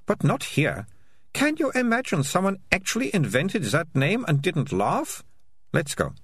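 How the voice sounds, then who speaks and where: Scornful, bossy storybook girl, read by a man, raised and husky, wide swings. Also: on the high side, huge pitch swings, fairly bright tone, no echo, studio quality, pitched above the performer's own voice, full character voice. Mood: brisk. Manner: lecturing, scornful, rapid-fire. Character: bossy, sharp-tongued young girl.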